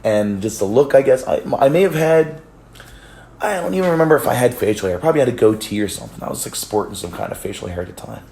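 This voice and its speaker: Rambling man with a gravelly voice. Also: mid-range voice, lively intonation, fast, a little mellow, roomy sound, slight background noise. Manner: rambling, many restarts and swearing; laughs while telling. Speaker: vlogger. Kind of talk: casual storytelling.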